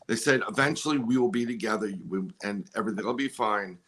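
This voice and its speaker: A man's voice: on the low side, quick pace, fairly bright tone. A man telling a long story on a podcast, rambling with many restarts and quoting other people as he goes. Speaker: podcast guest. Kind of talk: casual storytelling chat.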